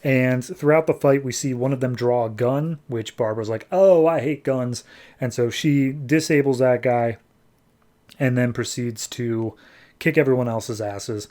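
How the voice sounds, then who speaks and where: A man's voice: medium pitch, fairly even intonation, moderate pace, a little mellow. A man hosting a podcast, chattily recapping a comic book story with lots of filler words. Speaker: podcast host.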